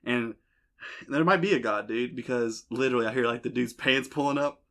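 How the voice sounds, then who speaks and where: A man's voice: medium pitch, brisk, fairly bright tone. A young man hosting a podcast, telling a crude, rambling story in casual chat. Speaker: podcast host. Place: basement.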